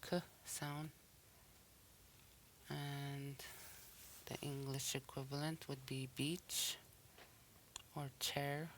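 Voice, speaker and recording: This is a language teacher working through a recorded pronunciation lesson, saying each sample word and then repeating it. The delivery is extremely slow and the pitch stays flat and level. A faint hiss sits under the voice.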